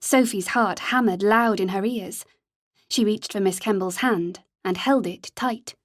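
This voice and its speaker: A woman narrating an audiobook in a measured, steady storytelling manner. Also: medium pitch, dry recording, studio quality.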